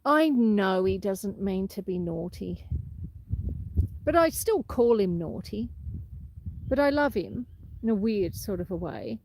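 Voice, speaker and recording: A woman with an Australian accent chats casually on an outdoor livestream from a windy farm, laughing freely, reading comments aloud and greeting viewers by name. Her medium-pitched voice is darkish in tone and animated, and she speaks slowly with long pauses.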